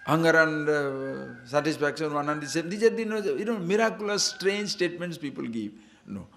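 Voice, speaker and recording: Speaking briskly in a slightly high, creaky voice with a little hiss or hum in the audio, this spiritual teacher delivers a lively discourse. He laughs at his own stories and asks his audience to see and understand.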